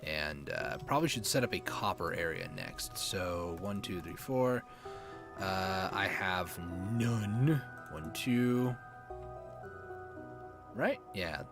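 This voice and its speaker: A young man with a sore throat, rambling quietly through late-night gameplay commentary. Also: low-pitched, very animated, measured pace, vocal fry, music in the background. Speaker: gaming streamer.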